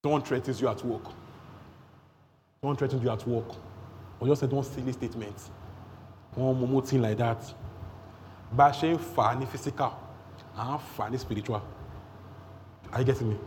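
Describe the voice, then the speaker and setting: Energetic Nigerian preacher, echoing hall. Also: male voice, medium pitch. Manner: energetic, bursts into rapid tongues and shouts. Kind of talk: sermon. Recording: long hall reverb, faint noise.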